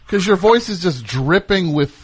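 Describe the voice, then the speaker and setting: A man's voice: high-pitched, lively intonation, normal speed, a little hiss or hum. A man hosting a radio show, bantering in a sarcastic, combative way with guests and callers. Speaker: host.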